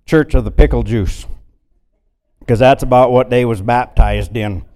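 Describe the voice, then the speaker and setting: A man preaching a sermon in a folksy way, swinging between loud bursts and quiet asides. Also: medium pitch, fairly even intonation, a little slow.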